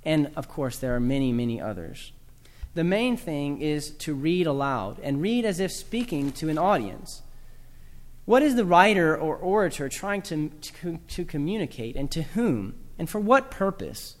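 A man's voice: on the high side, animated, moderate pace, big-room sound. A man from the American South giving a talk to a live audience about teaching children proper speech, with dry humor and spoken examples.

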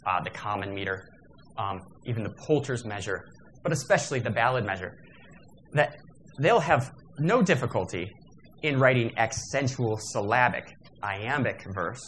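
A man's voice: medium pitch, animated, normal speed, a bit bright, a little hiss or hum, rough recording. A man lecturing teachers about poetry and meter, talking in a thoughtful way with frequent restarts.

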